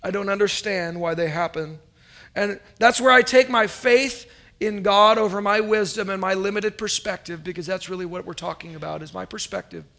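A pastor in his thirties delivers a sermon, his voice sitting noticeably high for a man. He tells stories in an animated, conversational way, dropping in asides as he goes. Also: normal speed, vocal fry.

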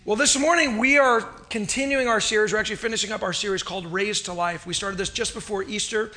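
Upbeat male pastor, sermon delivery in a church sanctuary; high, bright voice. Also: steady tone, quick pace. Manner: upbeat, chatty, jokes with the congregation.

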